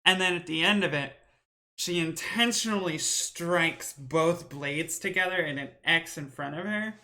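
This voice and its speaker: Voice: mid-range voice, measured pace, bright, forceful tone. A player narrating their own character's actions in a tabletop role-playing game.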